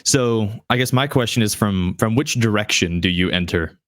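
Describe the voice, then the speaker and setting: Halting low-voiced male game master. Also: no echo. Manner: halting, many restarts and fillers. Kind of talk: narrating a tabletop game.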